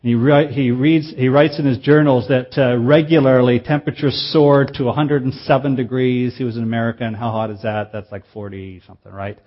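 A man preaching a sermon in an earnest, measured way, slowing down for emphasis. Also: medium pitch, fairly even intonation, dull audio.

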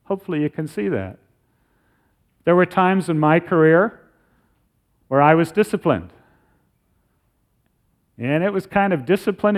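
A man's voice: a little high, lively intonation. Earnest middle-aged male pastor preaching. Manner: earnest, slows down to read scripture. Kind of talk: sermon.

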